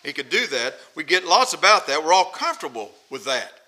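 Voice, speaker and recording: A male preacher delivers a sermon in a high, ringing voice. His tone is sharp and intense. He hammers each point, repeats key phrases and fires rhetorical questions at the listeners. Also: sing-song, fairly quick, low-quality recording.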